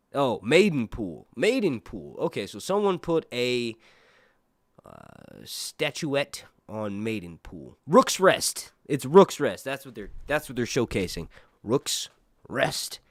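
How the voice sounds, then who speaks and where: A man with a nasal voice hosts a casual trailer breakdown, seated and talking in a rambling, animated way with many fillers and asides. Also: medium pitch, no echo, studio quality. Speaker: host. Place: seated indoors.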